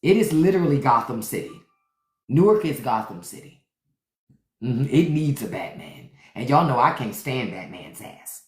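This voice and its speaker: A woman with a low voice that jumps around a lot hosts a casual live stream. She tells profane stories with plenty of color. The sound is roomy and echoey. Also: moderate pace. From Washington, DC. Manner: animated, profane storytelling with acted-out quotes. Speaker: podcast host on a live stream. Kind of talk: casual livestream chat. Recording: roomy echo.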